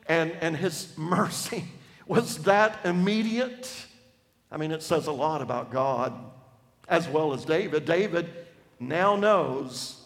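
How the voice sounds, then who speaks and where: A man preaching a sermon on a Bible passage, emphatic, dropping from loud to hushed for effect. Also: sits high. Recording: long reverb of a large hall.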